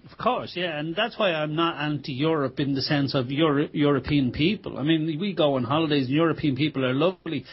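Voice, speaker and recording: A man's voice: a little high, fairly quick, hardly any pauses, slightly rough, highs cut off. A man co-hosting a radio talk show, chatty and agreeing. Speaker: radio co-host. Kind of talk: casual radio chat.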